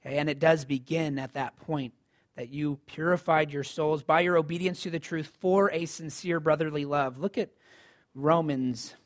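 A man's voice: fairly high pitch, steady tone, normal speed. A man preaching a sermon in a conversational style, rising to emphatic lines. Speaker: pastor.

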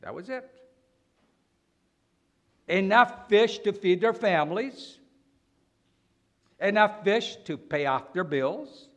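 A man preaching a sermon, animated and full of rhetorical questions and dramatic pauses. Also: high voice.

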